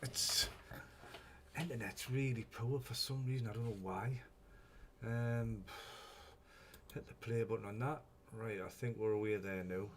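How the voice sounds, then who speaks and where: Casual male streamer, lowish voice, rambling and sweary. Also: steady tone, a little slow, a bit bright, a little hiss or hum. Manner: rambling, swears freely, chuckles often. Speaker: live-stream host. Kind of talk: casual live-stream chat.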